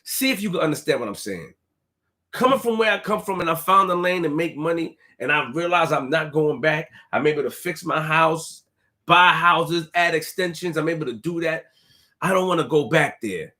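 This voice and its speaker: A young man talking casually to his stream audience, full of street slang and repetition, swinging from quiet, low remarks to loud outbursts. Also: animated, normal speed. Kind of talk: casual live-stream rant.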